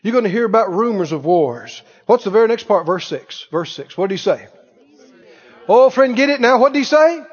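High-voiced preacher. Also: male voice, animated, a little fast, slightly rough, big-room sound, dull audio. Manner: emphatic, repeats phrases, mimics other voices. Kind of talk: sermon. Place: church.

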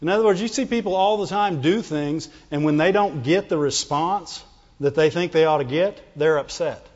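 A man with a fairly high voice preaches a lively sermon, slipping into whiny put-on voices as he acts out his point. The sound is a bit dull and carries the long reverb of a big hall. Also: moderate pace. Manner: animated, acts out whining voices, laughs often. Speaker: pastor.

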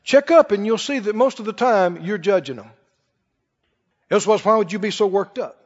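A man preaching a sermon in an animated, conversational way to a church congregation. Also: high voice, moderate pace. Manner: animated, conversational, acts out quoted voices. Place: church hall. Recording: dull recording with long hall reverb.

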